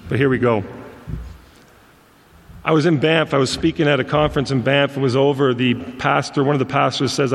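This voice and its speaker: A man's voice: mid-range voice, fairly even intonation, brisk, long pauses. A man from Montreal, a ministry leader, telling stories in a folksy sermon talk. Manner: folksy anecdotal storyteller. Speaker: ministry leader and guest speaker. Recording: long reverb of a large hall.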